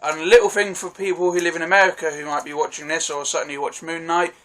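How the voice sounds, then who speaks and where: Man, somewhat high voice, casual vlog review, rambling, enthusiastic, self-correcting. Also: flat delivery, quick pace, fairly bright tone, poor audio. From United Kingdom. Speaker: TV review vlogger.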